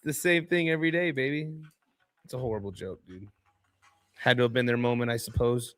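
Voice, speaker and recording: A man's voice: medium pitch, brisk, a bit bright. A man hosting a live trading stream, talking in a loose, laid-back way and filling his talk with "dude" and "man". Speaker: livestream trading host. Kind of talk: casual livestream chat.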